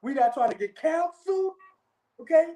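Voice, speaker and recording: A woman co-hosting a sports podcast, telling stories in a lively way, laughing often and tagging lines with "okay?". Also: sits high, moderate pace. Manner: animated storyteller, keeps repeating okay, laughs often. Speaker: podcast co-host. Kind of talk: casual sports chat.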